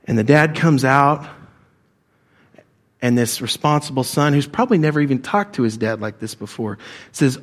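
A man's voice: medium pitch, expressive, moderate pace, long pauses. A male pastor preaching a sermon in a conversational way, often asking the congregation direct questions.

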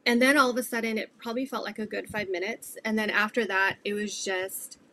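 A woman's voice: mid-range voice, a little fast, pushed and bright. A middle-aged woman earnestly telling her faith testimony in an interview, rambling with many fillers. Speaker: guest sharing her testimony.

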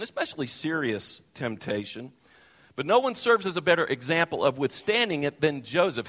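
Man preaching with a lively story. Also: fairly high pitch. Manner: animated storyteller, self-deprecating humor. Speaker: pastor. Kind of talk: sermon with personal storytelling. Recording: long hall reverb.

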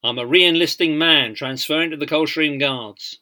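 A man reading aloud, voicing a blunt soldier who asks brusque, sharp questions in an audiobook. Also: on the high side, moderate pace. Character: blunt re-enlisting soldier, a man in his prime.

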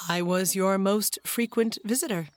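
A woman's voice: medium pitch, measured pace, no room sound, close to an everyday voice. A woman doing a teasing country doctor. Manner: playful, pleased with himself. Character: teasing good-humored male doctor.

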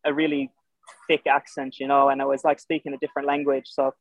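A young Australian man with an Irish-tinged accent, a showjumping guest chatting casually, halting with many fillers and restarts. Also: mid-range voice, monotone, no echo. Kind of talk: casual interview chat. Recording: dull lo-fi podcast sound.

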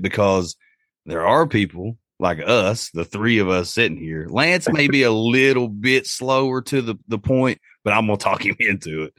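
A man's voice: lowish voice, lively intonation, moderate pace, fairly bright tone, no room sound, studio quality. A man hosting a podcast in an easygoing, jokey way, laughing along with his guest. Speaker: podcast host. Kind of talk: casual conversation.

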